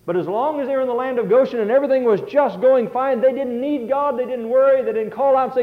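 A man preaching a sermon as a pastor, swinging between loud passages and hushed ones. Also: extremely high pitch, quick pace, hardly any pauses. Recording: tinny phone-like sound.

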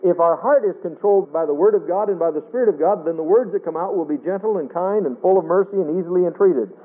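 A man preaching a sermon in a folksy, earnest way, rising and falling as he quotes scripture. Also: fast talker. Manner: folksy, earnest preaching with wide swings in pitch. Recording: tinny phone-line radio broadcast.

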